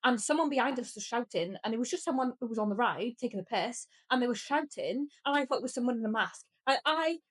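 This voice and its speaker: A woman co-hosting a casual podcast chat, telling stories with animated laughter. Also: a little high, quick pace, few pauses. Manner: animated storytelling, laughs often. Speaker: podcast co-host.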